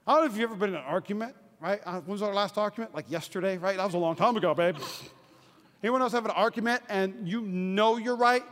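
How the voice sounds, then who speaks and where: A man preaching a sermon, energetic, swinging between shouts and hushed lines. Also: high voice, fast talker. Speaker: pastor. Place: church hall. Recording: reverberant hall.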